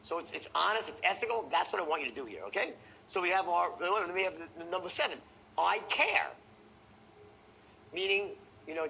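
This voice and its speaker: Male sales trainer at a seminar: gravelly, bright, lively delivery that leans on demonstrating tone. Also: on the high side, brisk, highs cut off, slight background noise. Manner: animated, demonstrates tones by voice; talks to the audience directly, asks okay and right. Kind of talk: seminar teaching.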